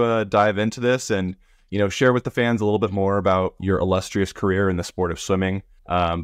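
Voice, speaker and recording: A man's voice: low voice, no room sound, studio quality. A man hosting a sports podcast, reading an upbeat intro and then asking interview questions. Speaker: podcast host.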